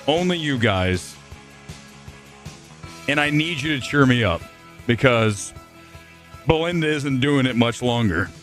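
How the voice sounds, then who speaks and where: A man hosting a live movie review stream, ranting furiously and swearing about a film. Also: mid-range voice. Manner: furious, swearing, exaggerated outbursts.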